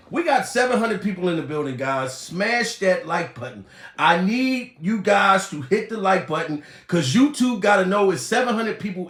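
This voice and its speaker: A man ranting loudly in a comedic commentary, excitable and profane, breaking into shouts. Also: high-pitched. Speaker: comedy YouTuber. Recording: roomy echo.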